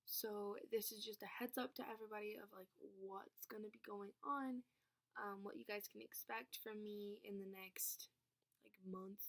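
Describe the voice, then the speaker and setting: A woman's voice: medium pitch, steady tone, normal speed. A teenage girl chatting casually in a vlog, rambling through stories with lots of fillers. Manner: rambling storytelling, filler-heavy, laughs when angry. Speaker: vlogger.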